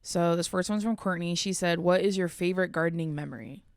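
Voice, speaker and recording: A woman's voice: on the low side, quick pace, clear, resonant tone, dry recording, studio quality. A young woman co-hosting a podcast, chatting casually with lots of fillers and reading out listener questions. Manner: relaxed, filler-heavy, reads listener questions. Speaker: podcast co-host. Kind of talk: casual chat.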